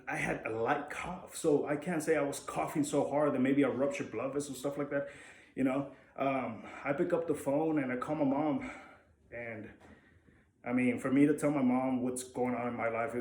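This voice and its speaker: A man's voice: medium pitch, darkish tone. A young man from Mexico telling a personal story in a candid, rambling way, swearing freely. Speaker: vlogger. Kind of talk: casual storytelling to camera. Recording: echoey room with faint ambience.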